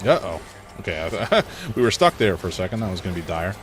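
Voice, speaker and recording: A man streaming a video game, chatting and joking as he thinks out loud about his choices. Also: deep voice, sing-song, quick pace, background noise. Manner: chatty, joking, thinks aloud while playing. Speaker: gaming streamer. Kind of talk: casual live gameplay commentary.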